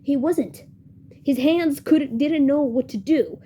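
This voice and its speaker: A young woman hosts a casual podcast review in a warm, soft-toned voice that sits a little high. She gushes and rambles, working through her strong feelings with lots of filler words. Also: slow, a little hiss or hum. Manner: gushing, emotional, rambling with many "like"s. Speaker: podcast host reviewing a series.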